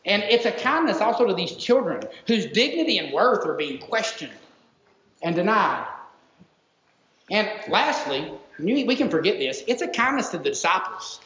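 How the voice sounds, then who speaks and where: A man's voice: high voice, sing-song, moderate pace, fairly bright tone. A male pastor preaching a sermon, emphatic and stacking repeated words for stress. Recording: roomy echo, dull lo-fi sound.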